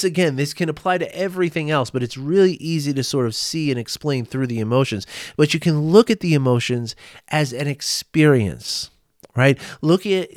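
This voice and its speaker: Man, podcast host, casual teaching talk, rambling restarts, keeps saying "right?", middle pitch, dry close sound. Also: dry recording. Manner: rambling, self-correcting, frequent "right?" tag questions. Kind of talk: casual spoken teaching on emotions.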